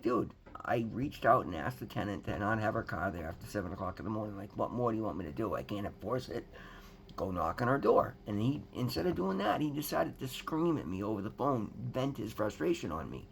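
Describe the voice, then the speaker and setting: A man's voice: lowish voice, gravelly, slight background noise. A man giving an earnest, rambling personal testimony to his viewers, emphatic and calling them guys. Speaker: recovery vlogger.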